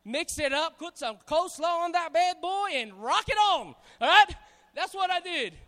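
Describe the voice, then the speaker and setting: A man from Hawaii preaching a sermon to a congregation, animated and playful, calling on the crowd to answer back. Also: extremely high pitch, normal speed. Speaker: pastor. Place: church hall. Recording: hall reverb.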